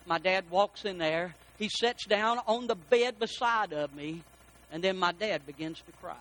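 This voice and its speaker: Middle-aged male pastor, high and bright, preaches in a storytelling way with drawn-out stresses. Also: low-quality recording. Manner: preaching with storytelling, slow emphatic stresses, quoted dialogue. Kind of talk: sermon.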